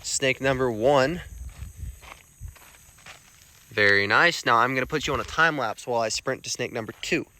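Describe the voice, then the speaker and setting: A young man vlogging on a rural road at night, chatty, excitable and self-mocking, with slang. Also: mid-range voice, normal speed, pauses often, background noise. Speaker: field herper vlogger. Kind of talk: casual vlog narration on the road.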